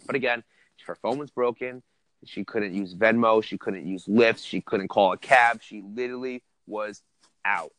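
A young man telling a wild story in casual chat, animated and profane, laughing as he goes. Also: lowish voice, moderate pace, no room sound. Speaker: podcast host telling a story.

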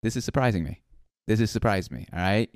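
Rich: A playful male host, teasing and repeating himself. His voice is smooth and resonant, recorded dry with little room sound. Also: on the low side, animated, quick pace, a little mellow, no room sound. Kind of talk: casual relationship chat.

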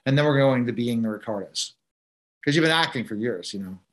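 A man's voice: medium pitch, expressive, fairly quick. Man hosting a casual interview. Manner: encouraging, rambling follow-up questions. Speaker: podcast host.

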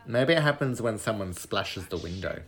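A man co-hosting a podcast, chatting casually about a film in an easygoing way and laughing often. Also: lowish voice. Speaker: podcast co-host.

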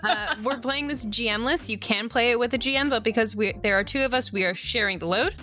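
A woman's voice: a little high, fairly quick, bright, forceful tone. Upbeat woman explaining game rules. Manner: upbeat, swears casually. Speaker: co-host and game runner.

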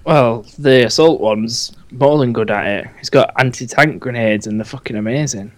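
A man's voice: mid-range voice, normal speed, no echo. A man chatting casually as a podcast co-host about games, blunt and swearing freely. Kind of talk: casual gaming chat.

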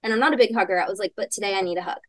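A woman's voice: medium pitch, rapid-fire, fairly bright tone. A young woman podcast host telling a personal story in casual chat, rambling with lots of fillers and little laughs.

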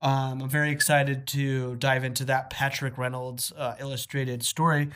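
A woman's voice: a bass voice, normal speed. A woman co-hosting a casual podcast, reading out listener emails with lots of fillers and laughter. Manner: giggly, animated, lots of fillers.

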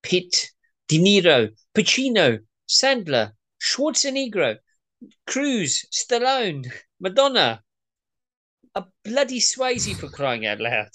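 Someone doing a brusque, lively-voiced boss. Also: mid-range voice, slow pace, pitched above the performer's own voice. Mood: exasperated. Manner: brusque, exasperated. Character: demanding impatient male boss on a call. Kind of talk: comedy table read.

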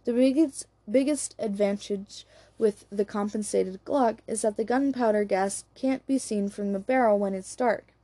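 Woman reading as a sharp, precise policewoman. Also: medium pitch, moderate pace, no echo, natural voice. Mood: pointed. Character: sharp female police officer. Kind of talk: audiobook character reading.

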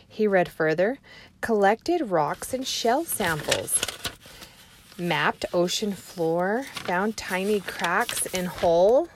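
A woman's voice: mid-range voice, animated, slow pace, slight background noise. A woman reading a chapter book aloud to children, adding chatty asides to her young listeners.

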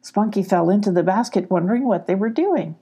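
An older woman reads a children's storybook in a gentle, grandmotherly way. Her voice is mellow and warm, with a husky edge. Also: mid-range voice, expressive, a little fast. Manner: gentle, doing character voices.

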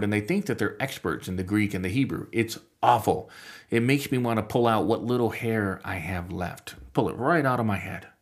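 A man hosting a podcast, talking through a scripted monologue with wry asides and frequent self-interruptions. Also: lowish voice. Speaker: podcast host teaching on Bible languages.

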